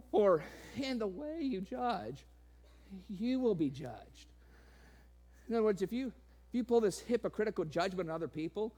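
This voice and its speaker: Animated high-voiced male preacher. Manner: animated, laughing, sarcastic asides, quoting in raised voice. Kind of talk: sermon.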